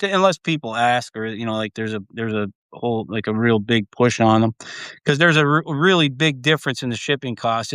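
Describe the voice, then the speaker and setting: Smooth-voiced man chatting on a livestream. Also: mid-range voice, fairly bright tone, dry recording, clean studio sound. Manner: profane, laughs often, trails off and restarts. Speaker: livestream host. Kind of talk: casual rambling livestream chat.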